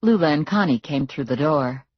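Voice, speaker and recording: Low-voiced woman narrating wryly. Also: animated, moderate pace, husky, no room sound, muffled recording. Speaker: audiobook narrator. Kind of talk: first-person audiobook narration.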